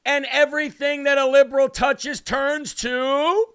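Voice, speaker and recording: A man with an unusually high voice hosts a political livestream. He talks in a mocking, ranting way and now and then breaks into a shout. His pitch sits far above most men's. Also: moderate pace, hardly any pauses. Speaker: livestream host.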